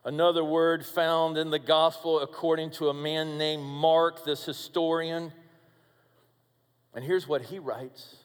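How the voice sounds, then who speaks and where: A man preaching a sermon, calling his listeners friends, dramatic and shifting between booming and hushed delivery. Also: level tone, a little slow, smooth, long reverb tail. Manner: addresses listeners directly as friends.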